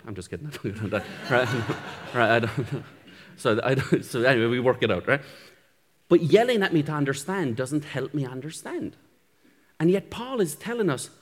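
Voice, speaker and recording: A man's voice: medium pitch, expressive, brisk. A male pastor giving a sermon in a conversational, self-deprecating way, often chuckling. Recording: echoey hall reverb.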